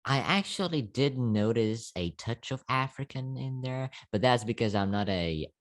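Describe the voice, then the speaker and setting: A man hosting a podcast interview in a casual, encouraging way, quick to laugh. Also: medium pitch, animated. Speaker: podcast host.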